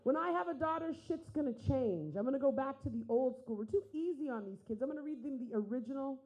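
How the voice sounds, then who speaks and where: A woman's voice: high-pitched, expressive, fast, dark tone, low-quality recording. A young woman doing a stand-up comedy set, brash and profane, acting out the voices of people in her stories.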